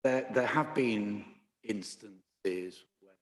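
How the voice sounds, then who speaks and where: A man speaks at a council committee, slowly and haltingly, restarting his sentences often. His voice is fairly low. The hall gives it a long reverb. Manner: hesitant, many pauses and restarts.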